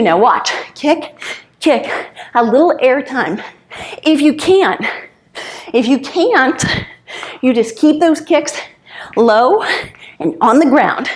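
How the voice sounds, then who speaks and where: A woman in her fifties coaching a home interval workout, counting out moves and a little out of breath as she exercises along. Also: high-pitched. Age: 50s. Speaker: fitness instructor.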